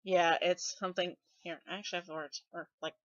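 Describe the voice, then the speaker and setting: A woman's voice: lowish voice, flat delivery, a little fast, no echo. Scottish woman rambling into a webcam. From Scotland. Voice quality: voice others mistake for a man's. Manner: chatty, self-deprecating, sarcastic asides. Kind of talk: casual webcam vlog, rambling. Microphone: webcam mic. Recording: dull dry webcam audio.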